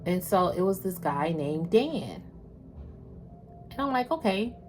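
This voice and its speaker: Low-pitched lady doing a chill spiritual reading, slangy and chatty, faint music behind. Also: very animated, slow. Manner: chatty, slangy, addresses viewers as y'all. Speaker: spiritual tarot reader. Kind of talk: casual spiritual reading and chat.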